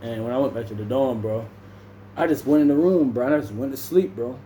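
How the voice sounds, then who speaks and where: A man's voice: mid-range voice, a little fast, dark tone, slight background noise. Laid-back young man in an echoey room. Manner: laid-back, says "bro" constantly, acts out other people's lines. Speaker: vlogger. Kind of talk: casual storytelling to camera.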